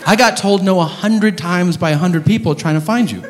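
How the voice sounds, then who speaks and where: A man's voice: sits high, normal speed. A male stand-up comedian telling a story in an exasperated, profane, emphatic way, on a comedy stage. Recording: reverberant hall with audience noise.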